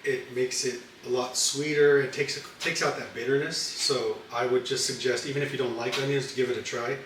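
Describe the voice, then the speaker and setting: A man's voice: medium pitch, brisk, a little hiss or hum. Man, cooking host, loose and chatty with fillers; echoey room, distant mic. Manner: relaxed and rambling, with fillers. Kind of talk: casual cooking chat.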